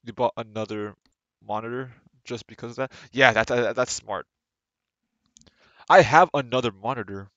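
A man's voice: mid-range voice, moderate pace, long pauses, a bit bright, no room sound, lo-fi sound. A man streaming a game live and chatting casually, rambling and tripping over repeated words. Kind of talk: casual live gameplay chat.

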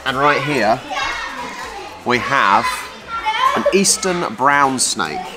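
An English man films a travel vlog while strolling through an outdoor wildlife park and its reptile house, chatting playfully about the animals in a casual walk-and-talk style. His mid-range voice is expressive and very slow. A very noisy crowd fills the background.

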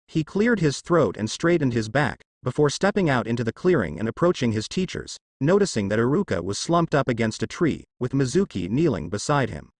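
Expressive man narrating fan fiction. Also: mid-range voice, a little fast, few pauses, dry recording. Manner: expressive storytelling.

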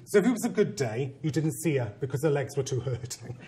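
A man who is a head teacher, giving a conference talk and telling a story with humor and animated, self-mocking asides. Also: medium pitch, quick pace, slight background noise.

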